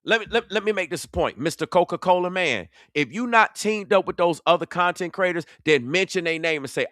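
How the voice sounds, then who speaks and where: A man's voice: high voice, animated, fairly quick, few pauses, a bit bright, dry recording, clean studio sound. Confrontational man calling out rivals. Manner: confrontational, preachy, mocking. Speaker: online commentator. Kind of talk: heated reaction commentary.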